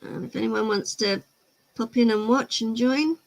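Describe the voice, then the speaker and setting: Her voice runs on the high side and is gravelly, with a moderate pace. The woman hosts a miniature-painting livestream, casually chatting, laughing easily, and replying to comments from chat.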